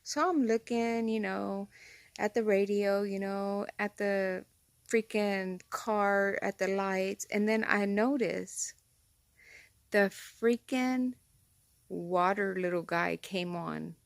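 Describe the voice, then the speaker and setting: A woman vlogger telling a story straight to her viewers from inside a car, rambling and excitable. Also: medium pitch, takes it slowly, vocal fry, dry recording. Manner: talks straight to viewers, rambling and excitable, says "freaking" a lot. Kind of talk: casual chatty storytelling to camera.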